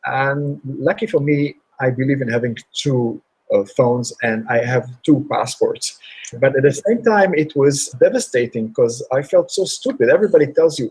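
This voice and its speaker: A man speaking as a guest, telling motivational stories in an animated way and acting out shouts. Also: medium pitch, normal speed, slightly rough, rough recording. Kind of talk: motivational storytelling.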